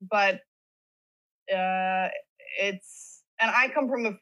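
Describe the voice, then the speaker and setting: A woman's voice: medium pitch, drawn-out words, fairly bright tone, low-quality recording. Brief: woman guest, chatty storyteller, mid-range voice. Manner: chatty storyteller, acting out others' words. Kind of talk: casual podcast chat.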